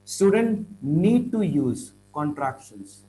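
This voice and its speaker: Man clearing his throat as he teaches. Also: fairly high pitch, big pitch swings, mellow, a little hiss or hum, rough recording. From India. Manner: repeats "right?" often, clears throat, stresses words slowly. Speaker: IELTS teacher. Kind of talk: classroom-style explanation.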